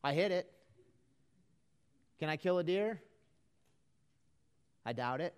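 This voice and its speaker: A man's voice: a little high, lively intonation, slow pace, clean tone. A man preaching a folksy, conversational sermon to a live congregation in an auditorium, building to earnest emphasis.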